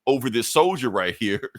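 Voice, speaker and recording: A man's voice: medium pitch, big pitch swings, moderate pace, no echo, studio quality. A man on a podcast casually retelling a comic book story, loose and profane, laughing often. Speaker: podcast co-host.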